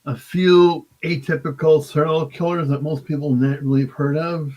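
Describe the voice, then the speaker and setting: A man from the United States, guest author in an interview, halting and polite, often saying "sir". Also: a little high, level tone, darkish tone. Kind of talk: casual interview. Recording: dull lo-fi remote line.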